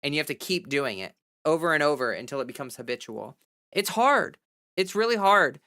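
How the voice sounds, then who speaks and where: A woman's voice: deep voice, expressive, a little fast, a bit bright, no room sound, studio quality. A woman livestreamer chatting candidly and giving advice in a casual way.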